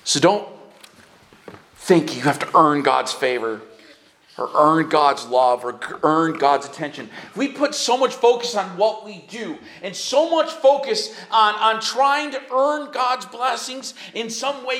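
A man preaching a sermon as pastor, moving between quiet earnest stretches and high, emphatic rises. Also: animated, measured pace. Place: church sanctuary. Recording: echoey church hall.

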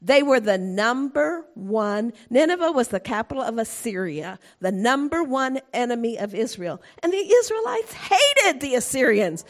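Animated high-voiced woman preacher. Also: moderate pace, hardly any pauses. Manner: animated, acts out quotes, laughs often. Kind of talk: sermon.

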